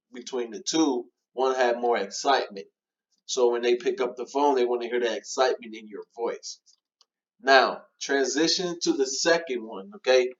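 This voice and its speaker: Man, mid-pitched, casual trainer walking through a call script with fillers; lo-fi sound. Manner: relaxed, many fillers, acts out sample call lines. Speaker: real estate trainer. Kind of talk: casual instructional walkthrough.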